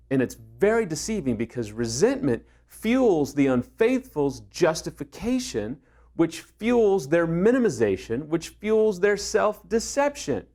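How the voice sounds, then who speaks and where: Speaking directly to camera, a man with a fairly high, slightly mellow voice gives earnest advice on affair recovery. He tells stories and acts out the quoted dialogue.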